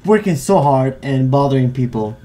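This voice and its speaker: A man co-hosting a podcast in casual chat, excitable and tripping over his words. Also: mid-range voice, moderate pace. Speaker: podcast co-host.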